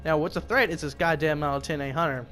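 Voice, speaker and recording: A young man from the United States with a slightly high voice rambles through loose, profane gameplay commentary. He hops from one topic to the next with offhand asides. Clear music plays behind him. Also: fast talker. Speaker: gaming commentator. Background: music and gunfire from a game.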